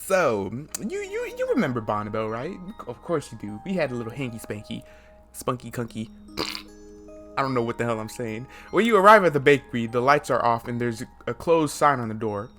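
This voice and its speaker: A man's voice: mid-range voice, fairly quick. Male gaming YouTuber, reads dating-game text with jumpy asides, faint music behind. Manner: excitable, laughing asides. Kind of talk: reading a dating game aloud with commentary.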